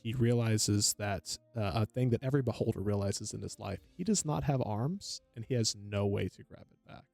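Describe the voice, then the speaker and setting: A man running a tabletop game as game master, talking haltingly with many fillers. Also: fairly low pitch, creaky, darkish tone, no room sound, soft background music.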